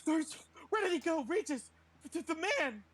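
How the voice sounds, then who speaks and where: In a tabletop game, a frightened young woman stammers and trips over her words in a panic, as a man puts her on. The voice sits very high and leaps around. It carries a faint hiss behind it. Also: sing-song, measured pace, fairly bright tone, full character voice. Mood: panicked. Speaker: player.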